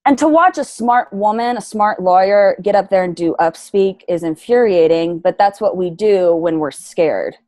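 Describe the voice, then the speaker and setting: A young adult woman speaking as an interview guest, frank and lively in casual chat. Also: mid-range voice, moderate pace, few pauses, dry recording. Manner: frank and lively, plays devil's advocate.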